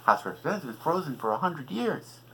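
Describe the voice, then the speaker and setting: Brief: middle-aged podcast host, husky voice, lively swings in pitch, angry and sarcastic political rant. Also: male voice, fast, low-quality recording. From California. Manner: agitated, profane, sarcastic. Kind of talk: ranting political monologue.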